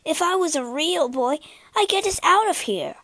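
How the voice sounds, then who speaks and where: A woman voicing an impulsive, emotional wooden puppet boy who cries out his lines high and excitedly. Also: normal speed, dry recording, heavily acted. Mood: distraught.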